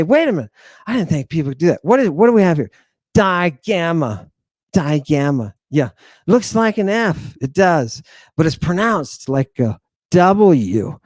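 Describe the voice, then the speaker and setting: Male teacher, a bit higher than usual, playful and theatrical, drills words by repeating them, dry close sound. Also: darkish tone, no room sound. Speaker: language teacher. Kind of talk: informal online lesson.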